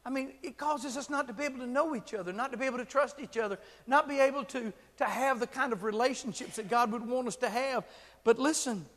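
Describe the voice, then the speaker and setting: A man with a very high voice preaches a sermon, spinning a lively story and building to shouted, fervent emphasis. His voice carries a long reverb, as if it fills a big church sanctuary. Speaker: pastor.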